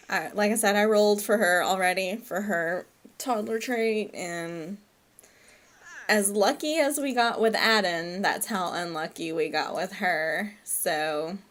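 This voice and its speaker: A woman narrates her gameplay in an unhurried, easygoing drawl. She talks chattily, apologizes often and giggles through her asides, at a medium pitch. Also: fairly bright tone. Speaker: gameplay commentator. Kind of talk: casual let's-play commentary.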